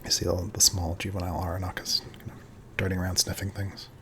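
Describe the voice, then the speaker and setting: A man with a fairly low voice narrates as game master, loose and hesitant, pausing often. A faint hiss runs under him. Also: little pitch movement, pushed and bright. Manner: loose, hesitant, full of ums.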